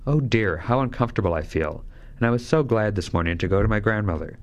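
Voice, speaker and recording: A man's voice: fairly low pitch, quick pace, muffled recording, close to an everyday voice. A man reading a fairy tale aloud, voicing an innocent, polite young girl who speaks earnestly and trustingly.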